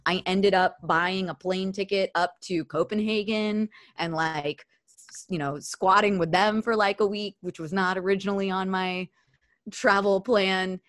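A woman guest chatting casually about her travels, talking in an unhurried way with many fillers. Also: mid-range voice, steady tone, fairly bright tone, dry recording, clean studio sound. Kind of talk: casual conversation.

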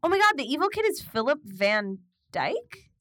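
Lively, laughing woman podcast co-host. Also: high voice, moderate pace, dry recording. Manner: animated, laughs often, swears casually. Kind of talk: casual chat.

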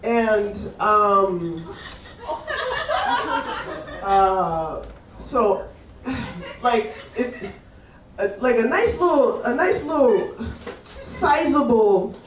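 A woman's voice: fairly high pitch, drawn-out words, pauses often, recorded from a distance, noisy background. A woman telling a funny story on stage at a live show, swearing freely and laughing as she talks. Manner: animated, swearing, laughing often. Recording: live room, roomy, crowd audible.

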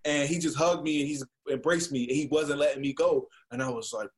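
A man in his thirties from Washington, DC, a guest telling a story in casual conversation. He is animated and slangy and acts out the voices he quotes. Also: a little high, fast, few pauses.

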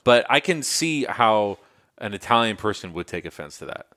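Male podcast co-host, low voice with lively swings, inquisitive. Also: normal speed. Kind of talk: casual chat.

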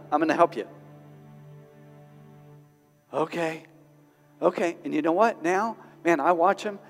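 A high-pitched male pastor with a Southern US accent preaches in a big hall that rings with long reverb. He is openly emotional and climbs to loud, urgent exhortation, with soft music under him. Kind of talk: sermon. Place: large venue with long reverb.

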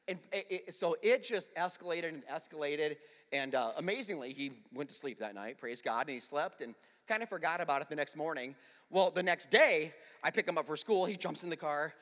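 Middle-aged male pastor, sermon, conversational storytelling, forceful emphasis, bright voice, long hall reverb. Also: a little high, expressive, a little fast. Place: large church.

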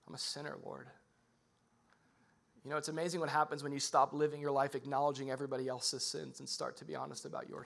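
A young adult man preaching a sermon as a pastor, talking casually and swinging between loud emphasis and soft, earnest passages. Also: medium pitch, vocal fry.

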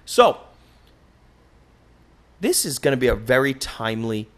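A young man hosting a casual solo podcast, joking and cursing through loose, animated stories. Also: mid-range voice, a little slow. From United States. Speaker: podcast host.

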